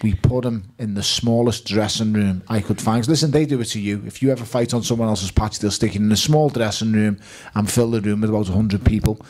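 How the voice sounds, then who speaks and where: A man's voice: on the low side, brisk. Liverpool man telling a fight story. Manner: lively anecdotal, quotes himself and others. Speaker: guest boxer. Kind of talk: storytelling at a live fan evening.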